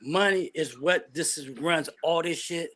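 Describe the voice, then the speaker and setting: Guy going off on a blunt profane rant, high voice, lots of slang. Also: unhurried, pushed and bright. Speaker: vlogger giving opinions.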